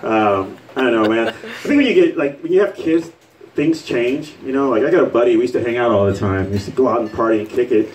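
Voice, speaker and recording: A male comedian from Puerto Rico works a bar crowd with a lively, swooping voice. He rambles loosely, full of fillers, and acts out the people in his stories. He sits a little back from the mic. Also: mid-range voice, quick pace, far from the mic, rough recording. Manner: loose, rambling delivery with fillers and acted-out quotes. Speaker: stand-up comedian. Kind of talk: live stand-up comedy. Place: bar stage with a live audience.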